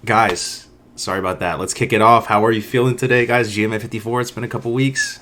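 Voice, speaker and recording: Man, podcast host, deep voice, fast talker, upbeat, casual. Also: steady tone, fairly bright tone, a little hiss or hum. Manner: upbeat, hosting, asks questions.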